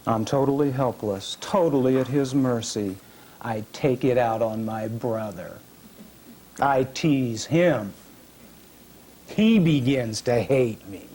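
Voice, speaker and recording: A man reading his own first-person fiction aloud at a literary reading, measured and dramatic, with heavy pauses. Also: mid-range voice, mellow, slightly rough. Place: reading series event.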